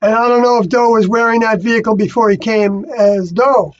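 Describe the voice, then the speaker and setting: Halting, self-correcting spiritual speaker, mid-pitched voice, muffled lo-fi audio. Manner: halting, many fillers and restarts, self-correcting. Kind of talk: rambling spiritual monologue. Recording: dull lo-fi recording.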